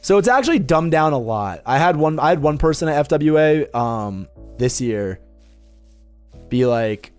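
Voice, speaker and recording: A man's voice: a little high, sing-song, moderate pace, a little mellow, smooth, soft background music. A young adult man streaming a game and telling a story in a casual, profane, rambling way. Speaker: gaming streamer. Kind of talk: casual storytelling while gaming.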